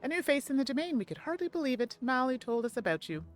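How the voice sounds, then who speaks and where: A woman's voice: sits high, sing-song, quick pace, faint music behind, voice pushed up. A woman voicing a friendly, slightly hesitant young helper welcoming a newcomer.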